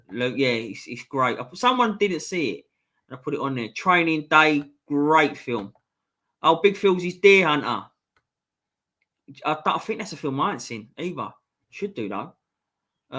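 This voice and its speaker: A man's voice: medium pitch, bright, forceful tone. A man hosting a live stream, reading out viewer comments and bantering bluntly with lots of swearing.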